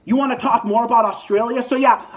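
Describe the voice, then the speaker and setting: A man's voice: very high-pitched, steady tone, fast. Profane, ranting American man. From United States. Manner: heated, profane, repeats insults over and over. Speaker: political commentary vlogger. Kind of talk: angry ranting monologue.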